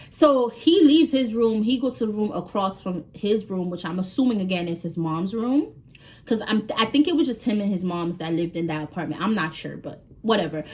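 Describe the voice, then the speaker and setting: A woman's voice: mid-range voice, a little mellow. A woman vlogger telling a story in a casual, slangy way, swearing freely and acting out the voices of the people in it.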